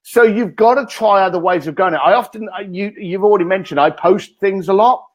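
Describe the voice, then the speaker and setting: A man, a guest author in an interview, telling energetic stories and acting out the lines he quotes. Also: sits high, a little fast. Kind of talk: animated interview talk.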